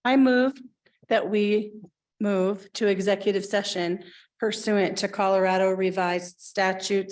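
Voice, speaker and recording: A woman on a town board slowly reading a formal motion with a legal citation. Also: mid-range voice. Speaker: town trustee.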